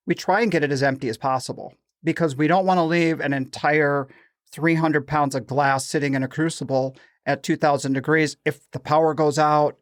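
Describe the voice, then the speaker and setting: A middle-aged man from Minnesota, a glass blower co-hosting a podcast, telling stories in a chatty, animated way with quoted dialogue. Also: mid-range voice, no room sound, studio quality. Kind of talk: casual chat.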